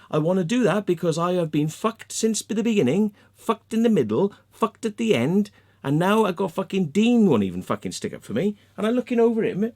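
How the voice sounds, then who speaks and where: Male vlogger, heated sweary rant, lively up-and-down delivery, fairly high voice. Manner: sweary, heated, mocking, acts out quoted people. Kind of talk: angry rant to camera.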